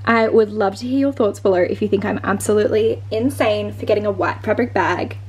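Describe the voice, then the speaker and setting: A woman's voice: mid-range voice, a little fast, darkish tone. A woman with an Australian accent chatting through a casual unboxing vlog at home, gushing and filling her talk with likes and ums. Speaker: vlogger.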